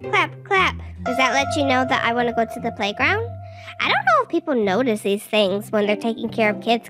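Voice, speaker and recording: A woman gives excitable, silly gaming commentary in a high, squeaky voice. Her voice swoops wildly up and down as she pleads and whines in character as a baby. Upbeat children's music runs underneath. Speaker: gaming video creator. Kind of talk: playful gaming commentary, role-playing a baby. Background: children's game music.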